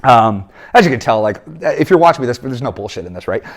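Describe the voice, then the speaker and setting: A man in his thirties, a business coach, telling a sales story in an energetic coaching talk and acting out the people in it. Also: mid-range voice, quick pace. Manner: animated storytelling, acts out quoted voices.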